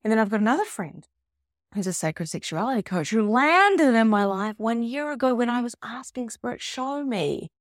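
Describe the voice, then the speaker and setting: A woman's voice: fairly high pitch, fairly quick, no room sound. Woman, middle-aged, spiritual coach, emphatic monologue, dry close sound. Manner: expressive, emphatic, acts out quoted friends. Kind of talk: casual motivational monologue.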